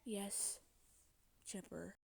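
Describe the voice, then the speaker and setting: A woman voicing a kind, soft-hearted young female mermaid who drawls and says y'all, in a fan voice-acting story. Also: mid-range voice, steady tone, extremely slow, gravelly, slight background noise, heavily acted. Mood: sad, troubled.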